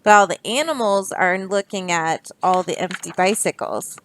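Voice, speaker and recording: A woman teacher reading a picture book aloud to children, expressive and adding little asides to her listeners. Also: on the low side, normal speed.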